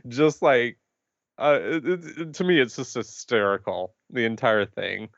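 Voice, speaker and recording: A man co-hosting a podcast in casual chat, animated and quick to laugh, often restarting his sentences. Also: medium pitch, no room sound, dull audio. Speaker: podcast co-host.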